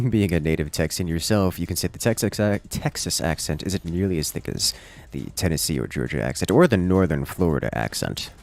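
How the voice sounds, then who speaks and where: Male stream host, very low and gravelly, mutters to himself while playing. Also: animated, brisk, hardly any pauses, darkish tone, soft background music. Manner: musing aloud while playing, reading chat. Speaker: livestream host. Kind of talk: casual gaming livestream chat.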